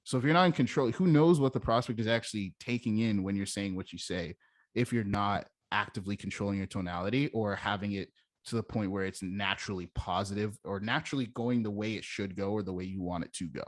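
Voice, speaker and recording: A young man with a somewhat low voice coaches sales skills in an easygoing, emphatic style, acting out lines to show how stress changes meaning. The sound is dry and close, with little room echo. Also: steady tone, fast talker. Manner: emphatic, demonstrates phrasings by stressing different words. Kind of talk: casual instructional talk.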